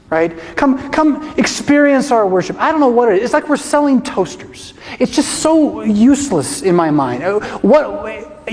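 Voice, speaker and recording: A man's voice: sits high, darkish tone. A man who is a pastor, giving an emphatic teaching presentation to a congregation and asking many rhetorical questions. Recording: echoey hall reverb.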